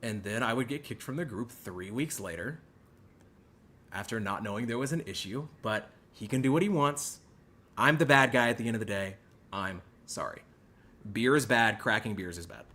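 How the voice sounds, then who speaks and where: A young adult man hosting a podcast delivers an exaggerated, sarcastic mock apology, swinging between loud outbursts and muttered asides. His voice is medium-pitched at a normal speed.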